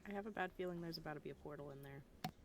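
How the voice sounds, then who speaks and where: Woman, tabletop player, low voice, matter-of-fact, noisy line with clicks. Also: very fast. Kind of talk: casual tabletop game chat.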